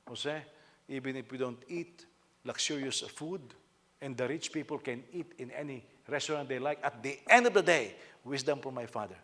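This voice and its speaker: A male senior pastor preaching a sermon, telling stories with sudden loud bursts of emphasis. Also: medium pitch, moderate pace.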